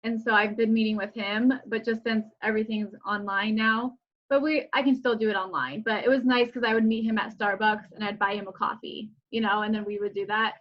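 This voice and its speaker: A woman's voice: mid-range voice, fairly even intonation, a little fast. Encouraging woman on a dull video call. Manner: encouraging, frequent agreeing backchannels. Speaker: sign language student. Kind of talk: casual peer feedback chat.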